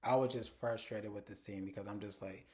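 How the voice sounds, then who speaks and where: A man recapping a TV episode in casual, frank talk, jumping his pitch up to mimic the female characters. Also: fairly quick. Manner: animated and frank, addresses viewers as y'all. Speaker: TV episode reviewer.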